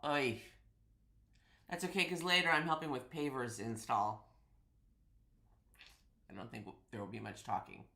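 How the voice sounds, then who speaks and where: A woman's voice: mid-range voice, pushed and bright. Congested woman hosting a chatty livestream. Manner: chatty, greets viewers by name, rambling asides. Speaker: host of a live sewing stream. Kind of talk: casual live-stream chat. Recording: echoey room.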